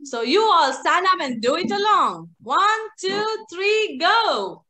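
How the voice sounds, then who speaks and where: Over a video call, a woman teaches an online phonics class to young children, coaxing them with animated, sing-song prompts. Her voice is extremely high and her pace slow.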